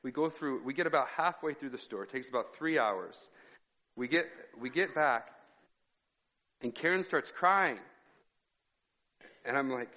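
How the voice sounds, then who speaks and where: In a church sanctuary, a male pastor preaches in a conversational style, weaving personal stories into his teaching. His mid-range voice sounds pushed and bright, moving a little slowly with long pauses. The recording has a reverberant, dull hall sound.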